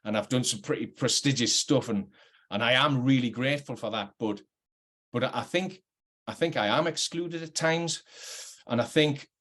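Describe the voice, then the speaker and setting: In a reflective piece to camera, a middle-aged actor with a working-class Geordie accent from North East England considers his career. He speaks at a moderate pace in a slightly bright, mid-range voice, earnest and hesitant, often restarting.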